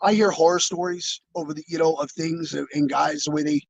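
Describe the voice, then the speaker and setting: A man's voice: a little high, steady tone, brisk, gravelly, no room sound, low-quality recording. A man being interviewed over a video call, telling rambling, reflective stories with many fillers and restarts. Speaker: interview guest, former wrestler. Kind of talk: casual storytelling.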